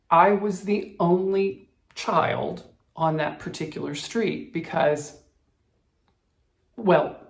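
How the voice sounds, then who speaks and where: A middle-aged man from the southern United States telling a personal story to camera, emotional and halting, often choked up and restarting his sentences. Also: fairly high pitch, creaky. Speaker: cross-stitch vlogger. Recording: echoey room, faint music behind.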